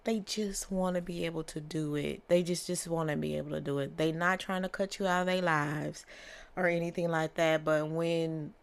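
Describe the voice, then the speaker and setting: The woman's voice sits low and is creaky yet smooth, with fairly even intonation and a normal speed. She's doing a casual tarot reading, talking chattily and repetitively, with lots of fillers and regular "okay?" check-ins.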